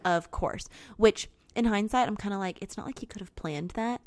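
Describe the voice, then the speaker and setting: A woman's voice: mid-range voice, no echo. A young woman co-hosting a podcast, chatting casually about a film and acting out characters' lines. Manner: chatty, animated, quick to act out characters' lines. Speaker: podcast co-host. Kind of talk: casual chat recapping a film.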